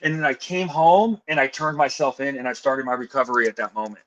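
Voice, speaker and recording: A young man, a podcast guest telling his recovery story in a casual, animated way, full of "bro" and "dude". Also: mid-range voice, brisk. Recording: dull lo-fi sound.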